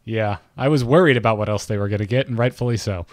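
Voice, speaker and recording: A man's voice: fairly low pitch, fast talker, a little mellow, dry recording. A man hosting a casual podcast, reading out details and making dry, sarcastic jokes. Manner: wry, sarcastic, reads card text aloud. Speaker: podcast host.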